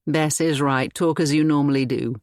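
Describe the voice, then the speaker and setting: Protective young gentleman, as a narrator puts him on, measured, mid-pitched, audiobook romance. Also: steady tone, no room sound, studio quality, close to an everyday voice. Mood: earnest. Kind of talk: audiobook character voice.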